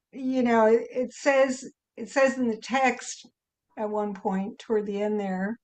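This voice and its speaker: A woman speaks at an unhurried pace in a spiritual study group. She is animated and laughs easily, and she lifts her voice to act out the lines she quotes. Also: on the high side. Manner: animated, laughing often, quoting with lively emphasis. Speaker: group participant.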